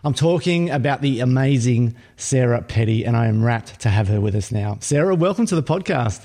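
A man's voice: medium pitch, expressive, brisk, mellow. Upbeat man hosting a podcast. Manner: upbeat, salesy, emphatic. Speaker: podcast host. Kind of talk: scripted podcast intro and interview.

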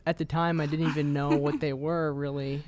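A young man, a college student, calmly recounting his experience on a casual podcast. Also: a little high, fairly quick. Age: young adult. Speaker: student guest.

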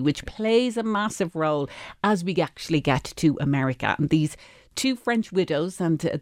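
Radio book club lady explaining the characters, lowish voice, dry close sound. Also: no echo. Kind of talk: radio interview.

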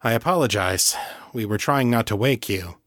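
A man doing a calm, urgent man murmuring low. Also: moderate pace, no echo, clean studio sound, lightly acted.

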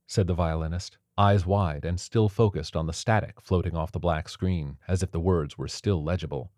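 Deep man, audiobook narration, steady measured delivery, dry booth. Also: no room sound.

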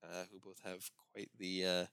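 A man's voice: low-pitched, monotone, normal speed, vocal fry, a bit bright, clean tone, dry recording. A man co-hosting a podcast, chatting casually about a TV series with many fillers and laughs. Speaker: podcast co-host. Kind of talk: casual chat.

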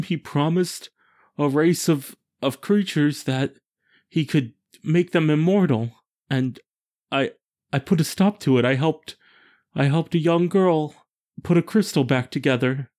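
A man running a tabletop game, speaking haltingly as he searches for words. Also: on the high side, a little mellow. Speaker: game master. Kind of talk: tabletop role-play.

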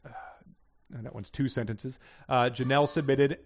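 A man's voice: mid-range voice, moderate pace, long pauses. A man co-hosting a podcast in casual chat, reading out listener picks with a lot of laughter. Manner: laughs often, animated, jokey. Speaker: podcast co-host.

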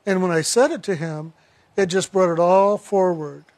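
A man giving a sermon, telling a story in a slow, reflective way with retold dialogue. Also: sits high, fairly even intonation, a little mellow.

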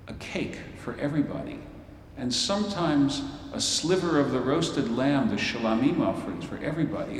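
A man's voice: medium pitch, a little hiss or hum. A man preaching a storytelling sermon in a large worship hall, theatrical and wry, with playful asides. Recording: echoey hall from far off.

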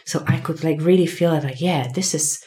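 A woman, a podcast guest telling a personal story in a casual, animated way, full of fillers and acted-out dialogue. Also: low-pitched, brisk. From Poland. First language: Polish. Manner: animated, acts out quoted dialogue, many fillers.

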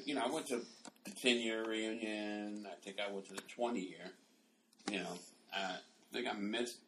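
A man in his late forties, a podcast co-host telling stories in casual chat, animated and swearing freely. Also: a little hiss or hum. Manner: animated, laughing, swears freely, leaps high in pitch when acting out people.

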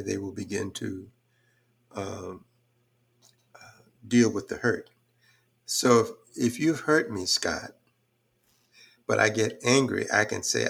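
A man's voice: lowish voice, slow pace, vocal fry, pauses often, a bit bright, slightly rough. An older man speaking as a podcast guest in a reflective, thoughtful way, with frequent fillers. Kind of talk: reflective conversational talk.

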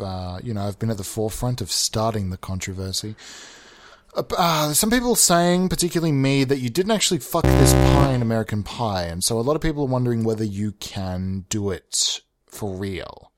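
A man hosting a comedy podcast, swearing often and swinging between loud excited bursts and mock-calm mumbling. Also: mid-range voice, normal speed. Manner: swears a lot. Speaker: podcast host. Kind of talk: absurdist comedy monologue.

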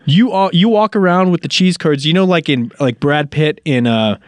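A man's voice: a little high, normal speed, no room sound. A man co-hosting a casual comedy podcast, teasing his friend and setting up bits with mock-serious scenarios. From Midwest US. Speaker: podcast co-host.

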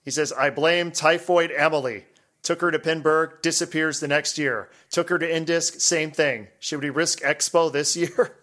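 A man with a slightly high voice reads listener emails aloud on a casual podcast. He jokes around and laughs often between the lines. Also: steady tone, normal speed, a bit bright. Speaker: podcast co-host.

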